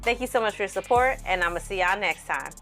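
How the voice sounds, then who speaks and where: A woman's voice: medium pitch, lively intonation, quick pace, loud music behind the voice. A woman giving a candid, blunt review to camera in a casual, rambling way, a little tipsy, with laughs. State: slightly tipsy. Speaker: film reviewer.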